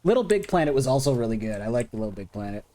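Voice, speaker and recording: A man's voice: mid-range voice, big pitch swings, very fast, dark tone. Man chatting while streaming a game. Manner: chatty, rambling, thinks aloud. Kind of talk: casual gaming commentary.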